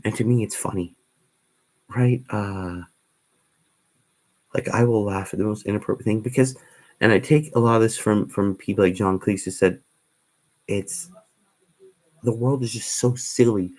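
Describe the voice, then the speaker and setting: A man with a slightly low voice chats on a livestream. He rambles from one story to the next in a loose, meandering way, often stopping to restart his sentences. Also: moderate pace, pauses often, a little mellow. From Canada. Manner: casual, meandering, with many ums and restarts. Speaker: livestream host.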